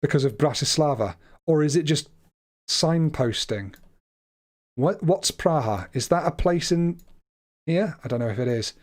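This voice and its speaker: A man with a slightly high voice hosts a live stream and talks through a guessing game as he plays. His delivery is chatty and unscripted. He often stumbles and restarts his words while he works things out. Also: expressive, measured pace, long pauses. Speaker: livestream host. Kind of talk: live game commentary, thinking aloud.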